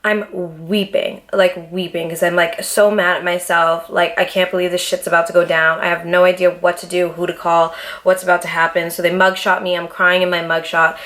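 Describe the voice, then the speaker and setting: A young adult woman talks straight to her viewers in a loose, chatty vlog voice that sits a little low. She swears often and leans on fillers as she tells her story. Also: level tone, normal speed, a bit bright. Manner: blunt, profane, chatty with many fillers. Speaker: vlogger. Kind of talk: casual storytelling to camera.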